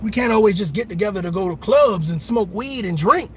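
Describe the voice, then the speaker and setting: A man hosting a casual live stream, talking straight to his viewers in an animated, blunt way with plenty of swearing. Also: high voice, a little fast, few pauses, slightly rough. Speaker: livestream host. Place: parked car in a park.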